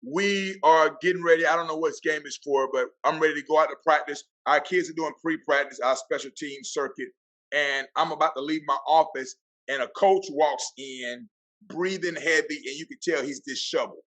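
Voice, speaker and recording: A man, a guest athletic director, telling stories in a lively way and acting out the quotes. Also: fairly high pitch, normal speed. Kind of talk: animated storytelling.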